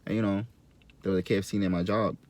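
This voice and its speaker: A young man vlogging from a fast food restaurant, telling a story in a casual, joking way and acting out both sides of an argument. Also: lowish voice, flat delivery, a little mellow.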